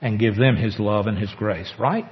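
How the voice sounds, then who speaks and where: A man preaching a sermon as pastor, earnest, with slow emphatic pauses. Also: fairly low pitch. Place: church sanctuary. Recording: echoey church hall, dull lo-fi sound.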